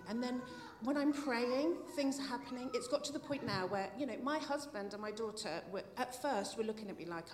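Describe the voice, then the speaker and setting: At a church meeting, a middle-aged woman with a voice on the high side tells her personal story a little fast, pausing rarely and with lively intonation. She is heartfelt, at times near tears, with soft laughs. An echoey hall and faint noise come through.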